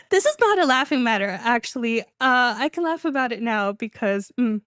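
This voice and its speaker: Chatty woman with a high, dry voice. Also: moderate pace, few pauses, dry recording. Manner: chatty and animated, laughs often, says "like" and "y'all". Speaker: podcast host. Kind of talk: casual storytelling monologue.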